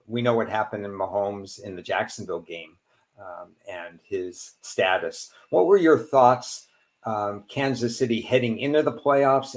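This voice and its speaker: A man hosting a sports podcast, asking long, rambling questions. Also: lowish voice. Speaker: podcast host, sports handicapper. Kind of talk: casual podcast interview.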